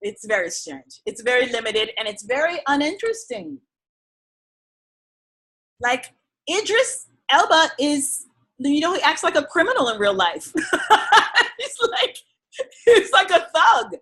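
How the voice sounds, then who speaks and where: A woman telling stories in animated casual chat, laughing often and swinging between loud outbursts and soft asides. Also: high-pitched, measured pace, long pauses.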